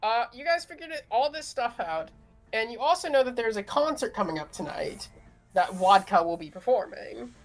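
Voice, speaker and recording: A woman's voice: a little high, expressive, moderate pace, faint music behind. A young woman narrating as game master, chatty and amused, with many fillers.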